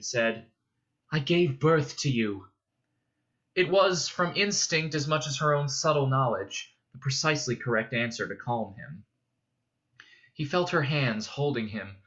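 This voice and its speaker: A man reading a novel aloud in a measured, steady narration. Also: medium pitch, dull audio. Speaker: reader. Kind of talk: audiobook narration.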